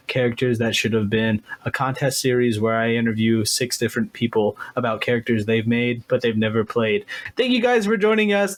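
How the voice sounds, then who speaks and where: A man hosting a relaxed podcast about tabletop games. His talk is jokey, with easy laughs scattered between his questions. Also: medium pitch. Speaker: podcast host. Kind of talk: casual podcast chat.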